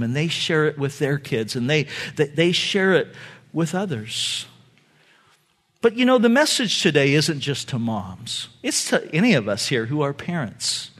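A middle-aged pastor giving a sermon, telling a family story in a loose, conversational way with fillers and laughs. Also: male voice, a little high. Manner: conversational, many fillers, laughs at own stories.

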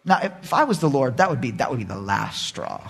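A male pastor preaching a lively sermon to his congregation, acting out voices and laughing often. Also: medium pitch, quick pace, creaky, slightly rough.

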